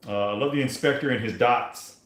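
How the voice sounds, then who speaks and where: A man's voice: mid-range voice, brisk, echoey room. A man co-hosting a casual livestream, reading super chats and chatting easily about his homestead. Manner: easygoing, reads viewer messages aloud.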